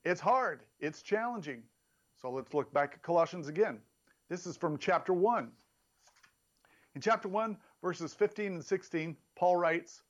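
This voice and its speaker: Animated male preacher, lo-fi sound. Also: unhurried. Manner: emphatic, animated preaching with sudden rises in pitch. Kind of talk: sermon.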